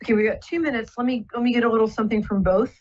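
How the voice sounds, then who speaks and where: Gentle husky woman psychic host. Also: fairly high pitch, fairly even intonation, racing. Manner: gentle, reassuring, rambling with many fillers. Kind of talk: live call-in psychic reading. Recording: muffled lo-fi broadcast audio.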